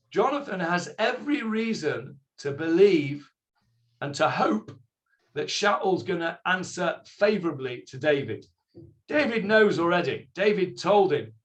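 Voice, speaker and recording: A man teaching a Bible study class, explaining slowly, quoting the figures in character and asking his students questions. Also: sits high, a bit bright.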